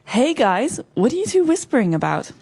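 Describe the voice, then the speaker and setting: A cheerful promoted coworker. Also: female voice, a little high, big pitch swings, moderate pace, gravelly, darkish tone, breathy edge, exaggerated voice. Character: upbeat female coworker getting promoted. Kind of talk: scripted learner dialogue.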